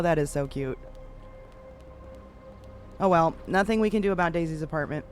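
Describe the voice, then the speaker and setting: A woman's voice: deep voice, normal speed, pauses often, a little hiss or hum. Chatty streamer woman, swearing freely. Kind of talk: casual live-stream chat.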